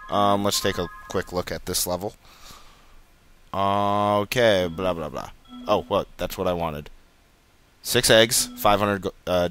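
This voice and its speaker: A man's voice: low voice, a bit bright. A young man casually commenting while he plays a video game, chatty and muttering at the game. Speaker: let's play host.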